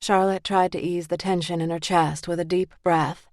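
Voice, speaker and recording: A woman narrating an audiobook in a measured, even way, recorded in a booth. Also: fairly low pitch, dry recording, clean studio sound.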